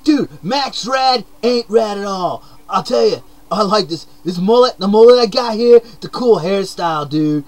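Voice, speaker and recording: A young man putting on a hyper, upbeat surfer-dude character with a mullet, talking to camera in an excitable, shouty comedic monologue full of slang. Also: sits high, a little slow, few pauses. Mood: boastful.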